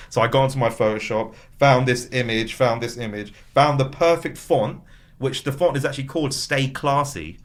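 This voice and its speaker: A man's voice: mid-range voice, brisk. A man in casual podcast chat as a guest, telling stories in a rambling way full of fillers. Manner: rambling storyteller, many fillers.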